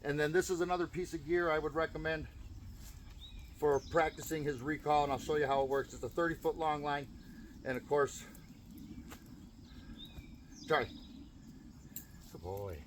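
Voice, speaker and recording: A man with a fairly high voice calmly explains dog training outside, with faint outdoor noise around him. He walks through each step in a practical, coaching tone. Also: moderate pace, pauses often. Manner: calm explaining, bursts of high excited praise to a dog.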